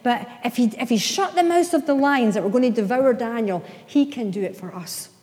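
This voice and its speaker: A woman pastor preaching an emphatic sermon, with playful asides and slow, stressed phrases. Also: a little high, animated, a little mellow. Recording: long hall reverb.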